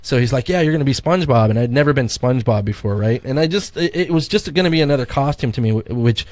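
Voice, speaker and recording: A man's voice: mid-range voice, fast, a little mellow, no room sound. A middle-aged man co-hosting a podcast in casual chat, a rambling storyteller who swears casually and acts out quotes. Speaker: podcast co-host. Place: studio.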